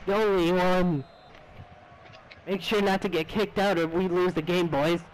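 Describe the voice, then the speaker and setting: A teenage young man playing a soccer video game, shouting boastful trash talk. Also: high-pitched, fairly even intonation, a little slow, low-quality recording. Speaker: gamer. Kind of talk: casual gaming banter.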